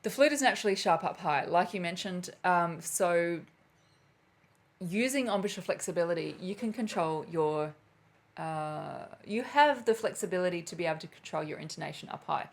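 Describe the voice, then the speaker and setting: Chatty woman flute teacher, slightly low voice. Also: expressive, normal speed, vocal fry. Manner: chatty, laughs at herself, loses her train of thought. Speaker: flute teacher hosting a live Q&A. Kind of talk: live-streamed lesson, casual and chatty. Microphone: camera mic on a live stream.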